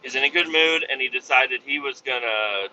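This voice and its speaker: Guy in his 30s rambling on his podcast, cussing a lot, super bright voice, kinda dull lo-fi sound. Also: medium pitch, normal speed, slight background noise. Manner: rambling, profane, with many restarts and fillers. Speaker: podcast host. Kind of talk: casual storytelling monologue.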